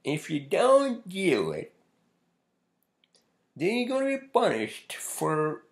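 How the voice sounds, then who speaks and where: A preachy, domineering TV doctor scolds a teenager in a loud, drawn-out, lecturing tone, his voice pushed up high, as a man mocks him. Every threat is stretched out slowly. The pitch swings widely through the rant. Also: huge pitch swings, heavily acted. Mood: scolding. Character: bossy middle-aged male TV doctor scolding a teen.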